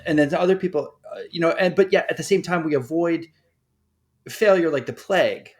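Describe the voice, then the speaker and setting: A man's voice: on the high side, animated, fairly quick. Reflective male podcast host. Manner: reflective, probing. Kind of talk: casual podcast chat.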